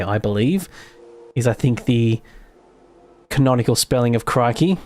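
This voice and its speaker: A man's voice: mid-range voice, lively intonation, measured pace, pauses often, a little mellow. A man from Australia with a mild Australian accent, chatting casually on a game livestream, rambling, laughing easily and trailing off mid-sentence. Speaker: game streamer. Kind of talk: casual live-stream chat while building in a game.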